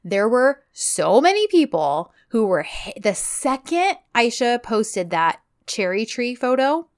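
A woman's voice: a little high, slow. Chatty woman recapping a show. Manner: chatty, animated retelling, quotes characters. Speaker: podcast co-host recapping a drama series. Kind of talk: casual chat.

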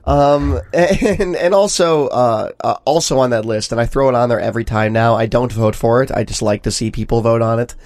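A man's voice: medium pitch, normal speed, few pauses, darkish tone, no room sound. A man hosts a casual film podcast while sick, his voice nasal and stuffy. He keeps things chatty and upbeat. The sound is dry and close, with no room around it. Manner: chatty, laughs often, friendly introductions. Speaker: podcast host.

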